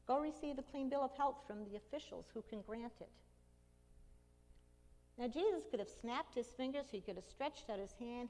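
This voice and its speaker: A woman with a somewhat high voice delivers a sermon as a vivid story, slowing down to dramatize key moments. She calls out the quoted cries with emphasis. Her voice rings with the long reverb of a large hall. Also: a little mellow. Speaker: preacher.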